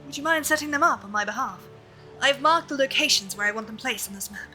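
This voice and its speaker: A woman's voice: high-pitched, lively intonation, fast, pushed and bright, faint music behind, full character voice, rough recording. A woman putting on a weary old British villager. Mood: solemn. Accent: mock British. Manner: formal, old-fashioned storybook phrasing. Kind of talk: reading game dialogue aloud.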